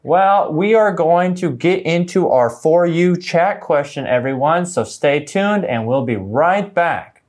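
A man's voice: fairly high pitch, expressive, darkish tone. Man co-hosting a radio English lesson. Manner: reads example sentences slowly and clearly. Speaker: English teacher co-host.

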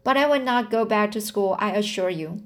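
A woman reading aloud the lines of a stubborn, dramatic young orphan girl in an earnest, halting way. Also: medium pitch, fairly bright tone, natural voice.

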